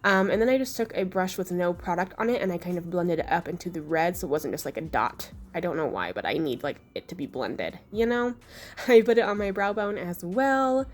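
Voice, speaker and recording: A young woman with a hoarse, sick-sounding voice, chatting her way through a makeup tutorial voice-over in a relaxed, self-deprecating way. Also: lowish voice, a little fast. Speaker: beauty vlogger.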